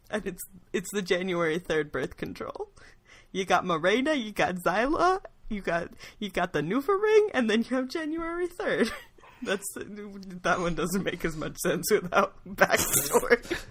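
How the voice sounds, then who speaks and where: A woman with a fairly low voice co-hosts a podcast, chatting casually. She's animated and laughs easily.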